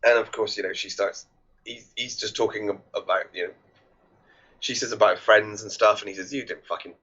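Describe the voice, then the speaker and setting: A man's voice: fairly low pitch, fairly even intonation, moderate pace, bright, forceful tone. A man co-hosting a podcast, casually retelling film scenes and quoting the characters, with lots of restarts. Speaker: podcast co-host. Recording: dull lo-fi podcast audio.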